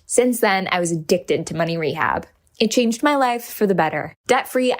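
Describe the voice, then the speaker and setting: A woman producer reading listener reviews aloud in a brisk, even way. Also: lowish voice. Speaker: podcast producer.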